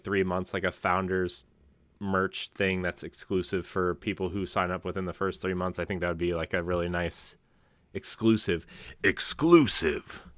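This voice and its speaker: A tired man hosting a casual gaming podcast, rambling through plugs and laughing at himself. His low voice has a bright, forceful edge, and the sound is close and dry. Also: no echo. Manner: rambling, self-deprecating, laughs often. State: tired from lack of sleep. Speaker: podcast host.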